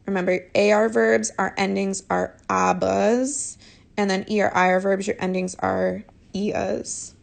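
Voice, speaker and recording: Woman teacher, gentle and encouraging, gravelly edge, phone mic. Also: mid-range voice, fairly even intonation, measured pace. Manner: patient, encouraging, corrects answers gently. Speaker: Spanish teacher. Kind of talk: live online lesson.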